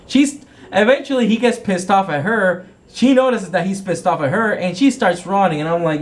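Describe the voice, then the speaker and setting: A man's voice: sits high, expressive, moderate pace, slight background noise. A man acting as game master, casually retelling a tabletop game session in a rambling way and often correcting himself.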